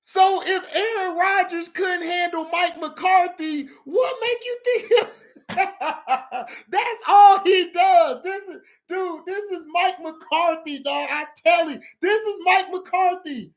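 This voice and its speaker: A man hosting a casual sports vlog, ranting animatedly about football, laughing often and shouting for emphasis. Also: very high-pitched, takes it slowly.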